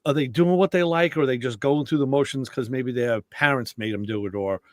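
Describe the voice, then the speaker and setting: A middle-aged man hosting a casual podcast conversation, telling stories in an animated way and acting out quoted dialogue. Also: mid-range voice, a little fast, no echo, clean studio sound. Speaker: show host.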